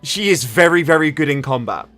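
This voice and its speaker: A man narrating as game master, halting and restarting as he describes the scene. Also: a little high, lively intonation, a bit bright, soft background music.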